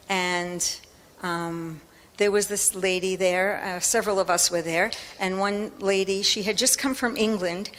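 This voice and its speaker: A woman's voice: medium pitch, a bit bright. An older woman telling a personal story on a panel, chatty with many ums, laughing as she goes. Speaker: panel speaker. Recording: reverberant hall with faint noise.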